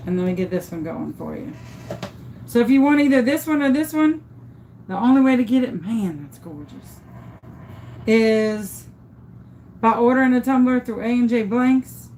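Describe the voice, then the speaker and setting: A woman's voice: on the high side, normal speed, a little mellow, a little hiss or hum, rough recording. A woman giving a casual hands-on crafting tutorial, chatty and thinking aloud as she works. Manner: chatty, thinks aloud, often gushes over the work. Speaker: crafter demonstrating epoxy tumbler making.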